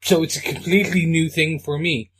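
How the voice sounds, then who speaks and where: A man's voice: a little high, steady tone, fairly quick, a bit bright, husky. A man co-hosting a TV review podcast, chatting casually and jokingly with lots of fillers. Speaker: podcast co-host.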